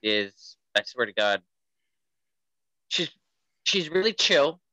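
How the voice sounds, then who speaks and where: A man chatting casually, his voice swinging up and down as he tells a story. His tone is bright and forward, recorded close and dry. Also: medium pitch, takes it slowly, no room sound, poor audio. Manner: animated storyteller, lots of "like" fillers. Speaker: dad telling a story. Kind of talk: casual chat.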